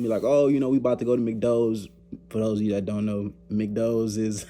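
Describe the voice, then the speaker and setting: A young man vlogging, telling a story in a loose, slangy way, laughing often and acting out the other people's lines. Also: mid-range voice. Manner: animated, slangy, laughs often, acts out quoted voices. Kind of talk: casual storytelling.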